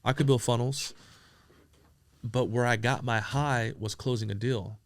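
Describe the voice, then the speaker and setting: A man's voice: mid-range voice, unhurried, dry recording. Guy from san diego swearing a lot, telling hustle stories, mid voice, dead dry sound. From San Diego, USA. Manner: profane, animated, acts out quoted dialogue. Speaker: entrepreneur guest. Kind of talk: casual storytelling interview.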